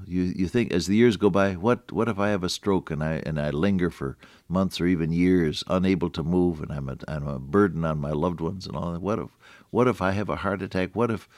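An older man gives a gentle radio devotional in a very low voice that swoops up and down with feeling. Folksy and conversational, he stumbles and restarts often, then reads Scripture slowly. The sound is dry and close, with no room or echo.

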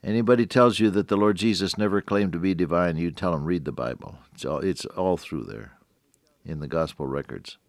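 An older man delivers a radio devotional sermon in a deep, low voice. He preaches earnestly, quoting scripture in old-fashioned wording and rising on key phrases. The recording is dry and close, with no room sound. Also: fairly quick, no room sound.

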